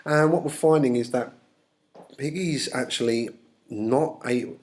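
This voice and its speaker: A man's voice: mid-range voice, measured pace, a little mellow. A man teaching an English lesson, explaining a novel with frequent ums and uhs.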